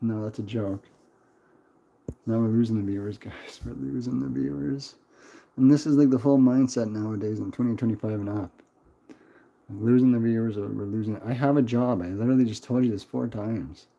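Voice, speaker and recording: A young man rambles and swears his way through a casual livestream while answering chat, his voice mellow and dark. The sound is dull and lo-fi, like streaming audio through a modest desktop mic. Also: lowish voice, steady tone, brisk.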